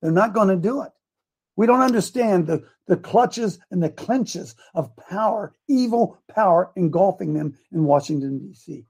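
A man hosting a political talk show, raspy and gravelly, preaching with fiery conviction and folksy slang. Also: sits high, darkish tone. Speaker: host.

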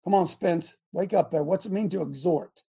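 A woman hosting a talk show, talking in an emphatic, rambling way, breaking off her own sentences and bursting into shouts. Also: on the low side, moderate pace, gravelly, slightly rough. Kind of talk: animated talk show monologue.

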